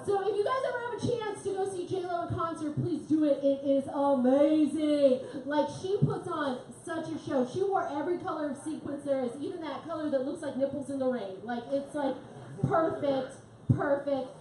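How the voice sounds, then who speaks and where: A woman in her thirties works a comedy club stage with a brash, profane stand-up set, her voice sitting high. The handheld mic catches a roomy echo and a faint hum of noise behind her. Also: mellow. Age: 30s. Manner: brash, profane, quick storytelling. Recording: echoey club room.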